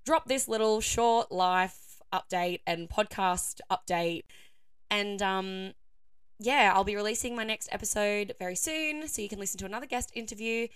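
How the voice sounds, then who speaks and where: A young woman hosts her own solo podcast in a loose, chatty way, laughing often and filling her sentences with easy fillers. Her mid-range voice is croaky, hoarse and a bit bright. The studio sound is clean, with no room sound.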